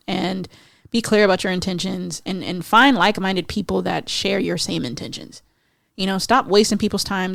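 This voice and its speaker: A woman hosting her own podcast, talking in a blunt, swearing, animated rant. She drops into mocking impressions to drive a point home. The recording is dry and close. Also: medium pitch, dry recording. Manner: blunt, profane, animated ranting with mocking voices. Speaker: podcast host. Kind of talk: casual solo rant.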